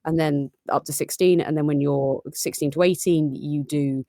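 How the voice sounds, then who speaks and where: A woman's voice: low-pitched, fairly even intonation, moderate pace, warm tone, no room sound, clean studio sound. A young woman chatting casually and jokily as a guest, with frequent restarts. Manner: chatty, jokey, with restarts and laughs. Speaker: guest audio maker. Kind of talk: casual chat on a live stream.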